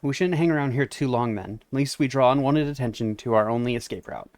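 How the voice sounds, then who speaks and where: A game streamer with a mid-range voice gives fast, casual let's-play commentary. He reads the dialogue aloud and adds wry asides. There's no echo.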